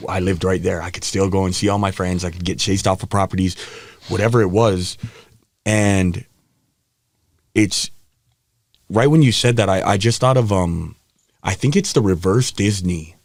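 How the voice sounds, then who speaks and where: A man's voice: low voice, normal speed, long pauses, no echo, studio quality. A man, a podcast guest, telling his personal story in a frank, rambling way with frequent restarts.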